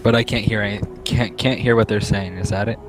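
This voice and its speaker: A man's voice: fairly low pitch, steady tone, a little fast, noisy background. A man playing a tabletop game, eagerly directing the party's moves. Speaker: player. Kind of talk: casual tabletop play.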